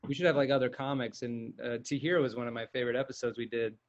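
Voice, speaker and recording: A man's voice: medium pitch, fairly even intonation, quick pace, dull audio. A man co-hosting a podcast, chatting casually and hesitantly with many fillers. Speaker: podcast co-host and comedian. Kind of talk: casual chat.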